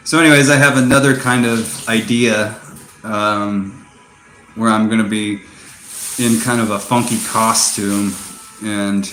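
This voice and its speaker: Slow-talking man vlogging outdoors at night. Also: on the low side, fairly even intonation, fairly bright tone, a little hiss or hum. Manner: slow, rambling, self-mocking sarcastic talk. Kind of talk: casual night-time vlog. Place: outdoors at night in a rural yard.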